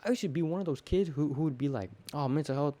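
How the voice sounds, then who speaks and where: A teenage boy talking casually to the camera, telling a story in a profane, slangy, animated way. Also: fairly high pitch, racing. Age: teens. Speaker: teen vlogger. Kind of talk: casual rambling monologue to camera.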